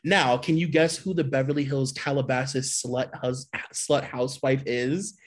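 A podcast co-host reads gossip blind items in a mockingly exaggerated voice, laughing readily and chatting in a casual way. His voice is medium-pitched and level, with a moderate pace and a breathy edge.

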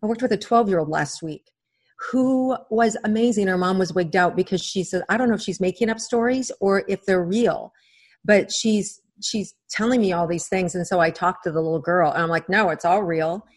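A middle-aged woman speaks as a psychic-medium guest in a podcast interview. She talks at an ordinary mid pitch, guiding the listener gently and weaving in stories as she goes. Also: moderate pace. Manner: gentle, coaching storyteller.

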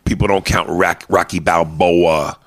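A man's voice: deep voice, fairly even intonation, a little slow, no echo. A male comedian hosting a podcast, chatting casually in a rambling, profane way with many restarts.

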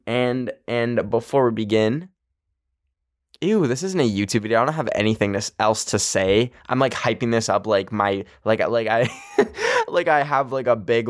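A man hosts a podcast in loose, casual chat, giddy and quick to mock himself as he rambles off track. His voice sits fairly low. It sounds dry and close, with no room around it. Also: smooth, dry recording. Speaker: podcast host.

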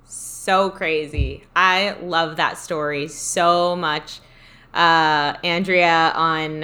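A woman podcast host with a low voice and a bright, forceful tone. She reflects in a casual, enthusiastic way and reads out comments from listeners. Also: steady tone, extremely slow. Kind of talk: casual chat.

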